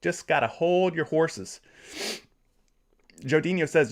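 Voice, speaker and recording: A man's voice: a little high, lively intonation, measured pace, pauses often. A man in his thirties from Florida, hosting a casual sports betting livestream and chatting through viewer comments. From Florida, USA. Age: 30s. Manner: reads viewer comments aloud, friendly and chatty.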